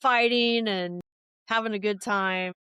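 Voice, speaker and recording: A woman chatting on a podcast, telling stories in a rambling, animated way with many restarts. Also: medium pitch, unhurried, clean tone, no echo, clean studio sound. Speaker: podcast guest. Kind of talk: casual podcast chat.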